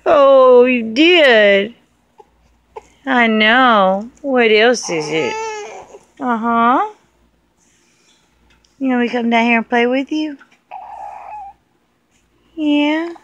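A woman's voice: a little high, drawn-out words, long pauses, a bit bright, no room sound, lo-fi sound. A young woman filming her baby on a phone at home, talking in coaxing, playful baby talk. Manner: sing-song, coaxing and playful. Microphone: phone held over the baby.

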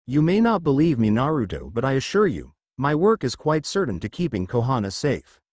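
A boastful old sage who loves the sound of his own voice, as a man reads him aloud. He blusters theatrically, with lively swings in pitch, in a dry, close recording. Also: fairly quick, no echo. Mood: grandiose. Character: lecherous old male toad sage mentor. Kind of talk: fan fiction audiobook reading.

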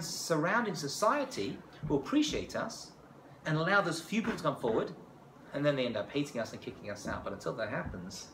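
Animated rabbi telling a story in a roomy hall. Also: male voice, a little high. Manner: animated, joking asides, asks the audience "right?". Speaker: rabbi teaching a class. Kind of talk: lively storytelling lecture. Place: class room with a live audience. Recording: echoey room with background noise.

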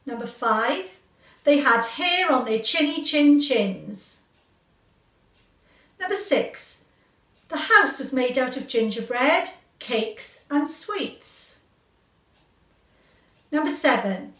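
A woman teacher reading out a children's quiz, slow and clear, repeating each question. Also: sits high, lively intonation, fairly bright tone. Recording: echoey room, far from mic.

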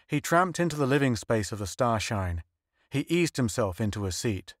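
A man narrates an audiobook in a steady, measured way, with a voice of middle pitch. The recording is dry and close to the mic, with no room sound. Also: dry recording. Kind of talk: scripted narration.

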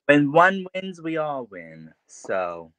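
A man's voice: fairly high pitch, big pitch swings, takes it slowly. Teasing man on noisy livestream audio. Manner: teasing and boastful. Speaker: livestream guest. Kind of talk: casual livestream chat.

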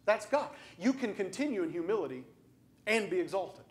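Male preacher, high-pitched, emphatic delivery with repetition and direct questions. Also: sing-song, fairly quick. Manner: emphatic, repeats phrases for stress; asks the congregation direct questions. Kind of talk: sermon.

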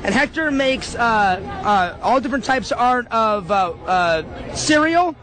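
A man vlogging at a comic convention, goofy and over-the-top, shouting a catchphrase and giving shout-outs. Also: very high voice, expressive, unhurried. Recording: noisy convention crowd around.

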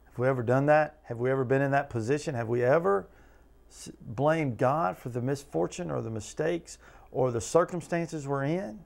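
A man's voice: medium pitch, normal speed, vocal fry, a little mellow. A man teaching a Bible study as pastor, earnest and conversational, asking his listeners question after question. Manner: earnest, talks to listeners with repeated questions, acts out quotes.

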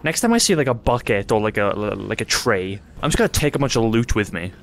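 A young gaming YouTuber with a fairly low, animated voice gives casual let's-play commentary. He's chatty, swears often and laughs easily.

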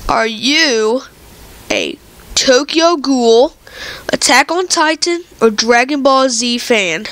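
Woman, high voice, casual vlog host, excitable, rambling, has a cold. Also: takes it slowly. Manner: excitable and rambling, lots of fillers. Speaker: channel host. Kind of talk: casual vlog chat to viewers. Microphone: computer recording software.

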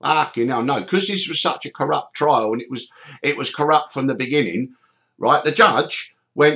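A middle-aged man hosting a podcast, telling stories in an animated way, swearing freely and acting out the people he quotes. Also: medium pitch, moderate pace. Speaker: podcast host. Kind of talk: storytelling chat.

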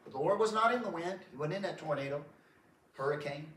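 Folksy preacher, lively and bright. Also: male voice, a little high, fast talker. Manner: folksy, repeats himself, chuckles often, calls the crowd folks. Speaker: pastor. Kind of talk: sermon. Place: church sanctuary. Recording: roomy church sound from a distant mic.

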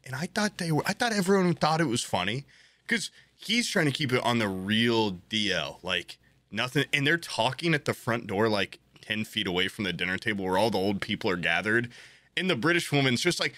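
Young male podcast host, bright voice, dry sound, animated, laughs through his stories, swears freely. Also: mid-range voice, a little fast, dry recording. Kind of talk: casual chat.

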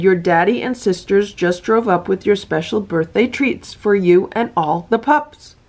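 Gentle woman reading a storybook aloud. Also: lowish voice. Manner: gentle, sing-song, pointing things out with excitement. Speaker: storyteller reading a picture book to her cats. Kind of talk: storybook read-aloud with asides.

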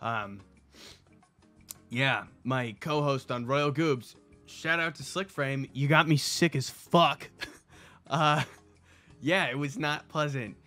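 A young man hosting a casual storytime video, joking and swearing as he retells an argument, recovering from a cold and clearing his throat. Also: mid-range voice, slow pace, pauses often, faint music behind. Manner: profane, joking, animated retelling with quoted dialogue. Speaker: host.

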